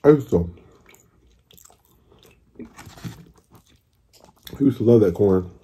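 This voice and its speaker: During a mukbang, a man in his thirties who makes food videos vents angrily in a fairly low, warm, animated voice with a breathy edge. He curses, complains at length, and sounds thoroughly fed up.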